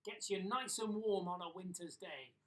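A man voicing a brisk, no-nonsense village woman in a storybook reading, matter-of-fact. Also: sits high, fairly bright tone, far from the mic.

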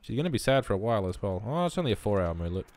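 A man's voice: fairly low pitch, big pitch swings, very fast, darkish tone, slight background noise. A young man giving chatty gameplay commentary as a let's play host, muttering reactions as he goes.

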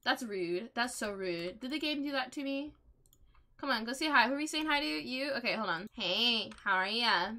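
A young woman host chatting excitedly over her gameplay, with many gasps, laughs and quick exclamations. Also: sits high. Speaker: gaming channel host. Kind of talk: casual gameplay commentary.

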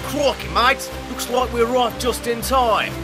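A brash, cocky bushman with a broad mock-Australian accent, played by a man. The voice sits high and keeps barking "crikey, mates". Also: fairly even intonation, a little slow, music in the background. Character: brash Australian bushman type, comic ally.

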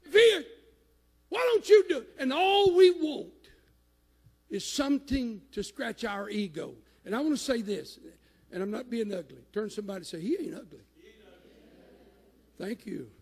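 High-voiced gravelly preacher. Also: male voice, big pitch swings, normal speed, pauses often, big-room sound. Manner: rising to shouted climaxes, then dropping low. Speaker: pastor. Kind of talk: sermon. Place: church sanctuary.

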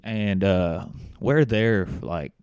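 A man's voice: deep voice, slow pace, a little mellow, smooth. A young man, an actor guest, telling his story in a casual, easygoing interview chat. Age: young adult.

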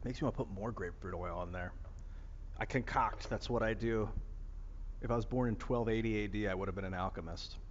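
A man's voice: fairly low pitch, a little fast, big-room sound, lo-fi sound, slight background noise. A man with a Northeast Ohio accent, vlogging in a musing, meandering chat full of fillers and restarts, outdoors on a rooftop. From Northeast Ohio, USA. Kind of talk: casual rambling monologue. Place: outdoor rooftop among plants.

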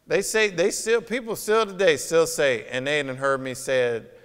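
Male pastor, slightly raised pitch, emphatic conversational sermon, long church-hall reverb. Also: fairly even intonation, normal speed, fairly bright tone, smooth. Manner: emphatic, conversational preaching with rhetorical questions. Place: church sanctuary.

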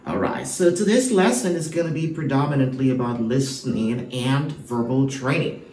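A man's voice: mid-range voice, normal speed, darkish tone, distant mic. A man teaching a homeschool English lesson to children, emphatic and full of rhetorical questions. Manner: emphatic, rhetorical questions, frequent "all right". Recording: echoey room, voice from off-mic.

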